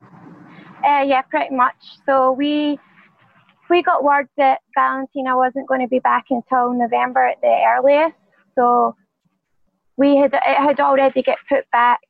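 A woman with a Scottish accent, a professional fighter answering interview questions in a quiet, soft-spoken way. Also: sits high, vocal fry, dry recording, phone-quality sound. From Scotland.

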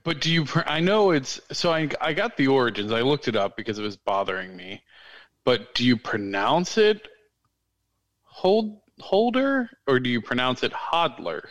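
A man's voice: medium pitch, big pitch swings, a little fast, fairly bright tone, dry recording. A man co-hosting a podcast in casual chat, rambling loosely with lots of fillers and restarts. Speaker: podcast co-host.

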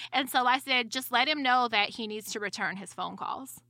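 Bright-voiced profane woman storyteller. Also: on the high side, fairly quick, hardly any pauses, no room sound. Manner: blunt, profane, laughs through her story. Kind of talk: casual storytelling chat.

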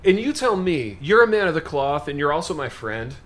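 Mock-indignant man co-hosting a talk show. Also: a little fast. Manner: theatrical, mock-grave, animated pitch swings. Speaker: podcast co-host. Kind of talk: mock-indignant comedic banter.

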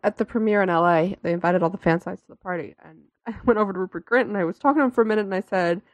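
Fast-talking woman telling a story. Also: medium pitch, no echo. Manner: quick, laughing storyteller. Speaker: podcast co-host. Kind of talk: casual podcast chat.

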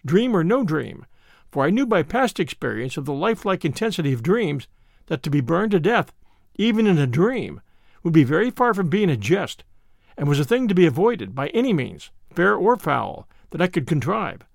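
A man reading a first-person audiobook narration in an expressive way. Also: fairly high pitch, moderate pace, vocal fry, no room sound, clean studio sound.

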